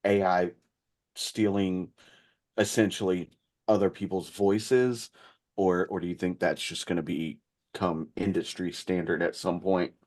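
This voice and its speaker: Slow halting podcast co-host. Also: low-pitched, steady tone, a little mellow. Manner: halting, with many fillers and restarts. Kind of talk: casual interview chat.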